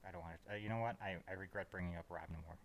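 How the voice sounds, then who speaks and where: A man's voice: low voice, rapid-fire, slight background noise. A man co-hosting a casual podcast chat about comics, easygoing and a bit hesitant, often restarting his sentences. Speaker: podcast co-host.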